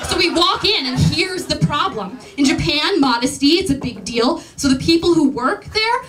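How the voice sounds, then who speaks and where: A young woman telling a comic personal story at a live story slam, animated and laughing through her lines. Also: high voice, normal speed, far from the mic, low-quality recording. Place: stage at a live event.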